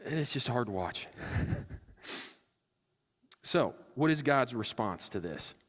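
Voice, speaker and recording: A man's voice: mid-range voice, expressive, slow pace, a bit bright, big-room sound. A man preaching a sermon as a pastor, talking in a casual way and acting out quoted lines with sarcasm. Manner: conversational, acts out quotes with sarcasm. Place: church sanctuary.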